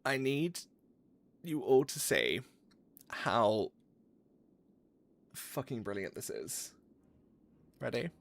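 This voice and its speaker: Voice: medium pitch, sing-song, extremely slow, vocal fry, pauses often. A game streamer, talking live in an effusive, exclaiming way and swearing freely.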